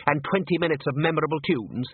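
A man's voice: on the high side, fast talker, slightly rough, no room sound, voice pushed up. A man doing a sneering, snide man. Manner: nasty, dry sarcasm. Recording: tinny phone-like, dry.

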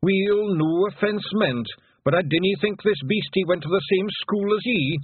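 A man voicing a dim, earnest male pixie warrior with a Scottish accent, puzzled and slow, on a thin phone-like recording. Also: high voice, slightly rough, no echo, voice pushed up.

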